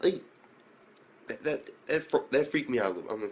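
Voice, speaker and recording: A man casually recapping an anime episode, swearing often and breaking into loud, exclaimed reactions. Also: medium pitch, expressive, brisk. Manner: loose, profane retelling with loud exclaimed reactions. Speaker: anime reviewer.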